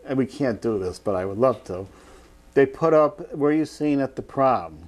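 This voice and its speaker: A man's voice: medium pitch, lively intonation, normal speed, a little mellow. Middle-aged man, chuckling teasing co-host. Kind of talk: casual chat.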